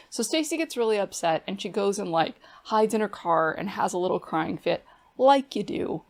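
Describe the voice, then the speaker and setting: A woman's voice: mid-range voice, animated, normal speed. A woman book reviewer giving a casual, chatty plot recap full of fillers. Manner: chatty, filler-heavy retelling.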